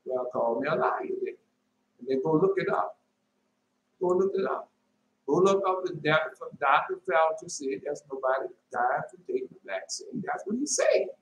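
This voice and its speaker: A man preaching informally and telling a dream, emphatic, repeating his phrases and jumping into sudden high shouts. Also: big pitch swings, moderate pace. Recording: echoey room with faint noise.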